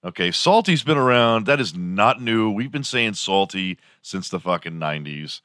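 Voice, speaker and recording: A man hosting a morning talk show, sarcastic and crude as he rambles through his comic monologue. His voice is bright and fairly low, and his delivery is unhurried. The sound is dry and close. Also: expressive, dry recording. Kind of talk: comedic podcast monologue.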